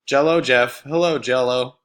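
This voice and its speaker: A man reading a storybook aloud, voicing a bossy, loud schoolgirl who teases and shouts. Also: unhurried, lightly acted. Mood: teasing. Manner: shrill, teasing, loud.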